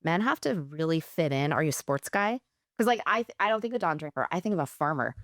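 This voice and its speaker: A woman co-hosts a casual podcast chat, talking loosely and laughing easily. Her pitch moves a lot and sounds animated. The recording is dry, with no room echo. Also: fast talker. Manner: chatty, laughs easily, many fillers. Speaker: podcast co-host.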